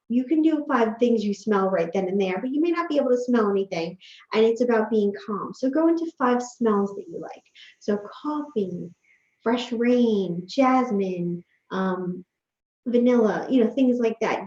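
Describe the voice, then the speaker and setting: Chatty woman vlogging in a roomy space. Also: medium pitch. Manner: chatty, gentle and reassuring, with frequent "like". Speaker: vlogger giving self-care advice. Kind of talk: casual advice vlog. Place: quiet room at home with camera setup. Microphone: desk microphone. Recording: roomy, slightly dull home recording.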